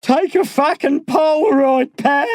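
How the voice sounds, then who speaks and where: A man voicing a drunk, wheezing father lying on an ambulance gurney, speaking with rough tenderness. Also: sits high, unhurried, mellow, no echo, clean studio sound, voice pushed up. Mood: barking.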